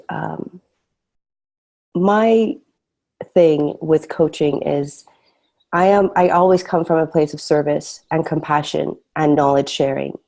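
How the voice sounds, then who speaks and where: Low, mellow-voiced woman on a coaching call. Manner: hesitant, searching for words. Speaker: coaching client.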